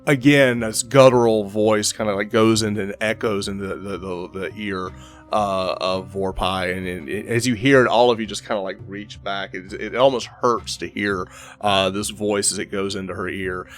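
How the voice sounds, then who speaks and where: A man running a tabletop game as game master, describing the scene in a halting way full of fillers and restarts. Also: fairly low pitch, steady tone, soft background music.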